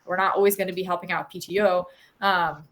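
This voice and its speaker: A woman's voice: lowish voice, steady tone, quick pace, fairly bright tone. Woman, 30s, podcast guest; earnest, reflective, filler-heavy delivery. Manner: earnest, thoughtful, frequent fillers and restarts. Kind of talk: conversational interview.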